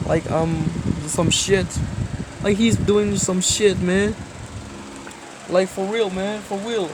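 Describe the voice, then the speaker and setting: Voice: medium pitch, steady tone, takes it slowly, pauses often, noisy background. A vlogger talking in a casual, rambling way, swearing constantly and giggling between lines. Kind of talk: casual rambling vlog talk.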